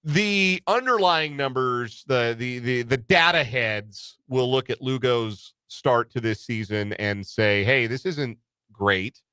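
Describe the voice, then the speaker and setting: A man's voice: medium pitch, takes it slowly, hardly any pauses, bright, forceful tone, smooth, no room sound. A man hosting a casual sports talk radio show, making dry wisecracks between game notes.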